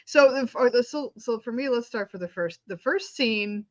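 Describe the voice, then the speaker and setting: A woman's voice: on the high side, lively intonation, a little slow, a little mellow, highs cut off. A woman co-hosting a podcast, chatting casually and bluntly about a film and swearing freely. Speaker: podcast co-host, film reviewer. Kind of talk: casual chat.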